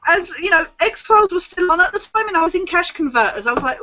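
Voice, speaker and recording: A woman's voice: very high-pitched, animated, quick pace, sharp tone. A woman co-hosting a casual live film chat. She hesitates a lot with ums, over lo-fi online call audio. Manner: chatty, hesitant, full of ums. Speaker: co-host.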